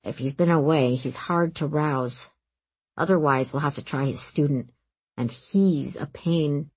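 A woman voicing a cheerful, mischievous young male prince who studies magic, with a low, hushed delivery. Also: measured pace, husky, no room sound. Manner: cheerful, then hushed and conspiratorial.

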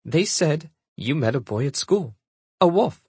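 A man voicing a worried, overbearing middle-aged mother in an audiobook, pleading and insistent, with a husky voice. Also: fairly high pitch, expressive, unhurried, dry recording, heavily acted. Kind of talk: audiobook character voice.

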